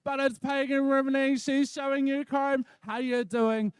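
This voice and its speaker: A man's voice: very high voice, normal speed, no room sound. A man giving expert play-by-play, explaining each step of the wool handling. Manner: explains each step in a steady, even flow. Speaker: expert commentator. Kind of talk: live play-by-play commentary.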